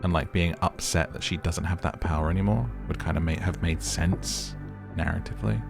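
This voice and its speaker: A man's voice: deep voice, fairly even intonation, fairly quick, gravelly, over music. A young man playing through a story game, reading its text messages aloud and chatting casually about what happens. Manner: reads in-game texts aloud between casual remarks; chatty, uses "like" a lot. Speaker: gaming YouTuber. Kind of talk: let's play commentary.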